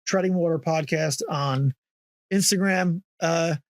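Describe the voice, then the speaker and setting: A young male comedian rattles off profane, animated stories in a fairly high voice. He acts out the people he quotes, and the recording is dry and close. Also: unhurried, dry recording. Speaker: podcast guest, comedian. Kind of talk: casual podcast chat.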